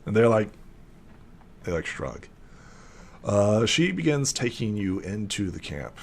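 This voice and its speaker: Young male game master, lowish voice, rambling casual narration. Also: sing-song, measured pace, vocal fry, slight background noise. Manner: rambling, heavy with fillers.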